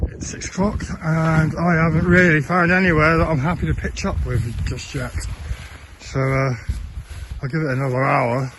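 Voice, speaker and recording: A man from south-west England keeps a rambling, halting hiking diary outdoors, full of fillers and restarts. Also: medium pitch, fairly bright tone, rough recording. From Plymouth, south-west England. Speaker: hiker and vlogger. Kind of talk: casual spoken hiking diary. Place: outdoors on open moorland and in woodland. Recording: outdoor camera audio with wind noise.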